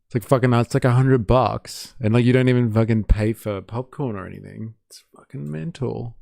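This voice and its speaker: Brief: Australian male streamer, low gravelly voice, swears freely, dry close sound. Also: moderate pace, darkish tone, no echo. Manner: sweary, blunt and sarcastic. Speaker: livestream host. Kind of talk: casual reaction commentary.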